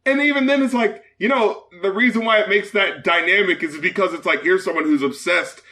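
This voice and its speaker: A man co-hosting a casual podcast chat about music, excitable, mocking and laughing often. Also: sits high, fairly quick. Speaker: podcast co-host and music critic.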